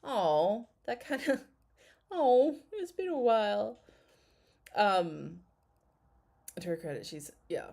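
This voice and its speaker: A woman's voice: medium pitch, lively intonation, slow pace, vocal fry, long pauses, darkish tone. A woman in her thirties chatting casually while reacting to a video, blunt and sarcastic, swearing and laughing often. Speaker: commentary vlogger.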